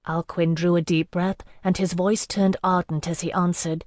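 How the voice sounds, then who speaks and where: Measured, dry audiobook narrator. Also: mid-range voice, little pitch movement, a little mellow, no echo. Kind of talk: scripted first-person narration.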